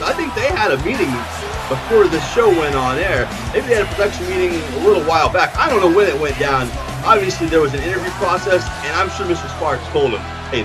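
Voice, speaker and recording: Excitable wrestling commentator man with lively pitch. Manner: excitable, stumbles over words. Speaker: play-by-play commentator.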